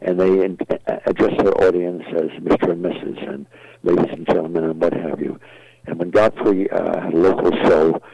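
A man's voice: sits low, fairly even intonation, normal speed, gravelly, mellow, slightly rough, dry recording. An older man, a guest entertainer, telling rambling stories in an interview with many fillers and restarts, in a dull, dry, lo-fi recording. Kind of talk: interview storytelling.

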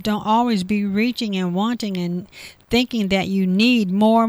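A woman's voice: medium pitch, fairly even intonation, unhurried, darkish tone. A woman leads a devotional, reading scripture and then unpacking it in her own words. She circles back and repeats key phrases for emphasis, in a medium voice. The sound is dry and close, with no room echo. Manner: reads verses aloud then explains with repetition. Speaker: Bible teacher. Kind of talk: devotional Bible reading and commentary.

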